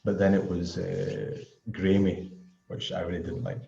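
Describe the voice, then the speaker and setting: A Scottish man chats on a video call in a deep, gravelly, mellow voice. He rambles reflectively, breaking into small chuckles. The audio is echoey and somewhat muffled. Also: completely flat delivery, a little slow. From Scotland. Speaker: study group participant. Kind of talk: casual chat. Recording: echoey, dull lo-fi room audio.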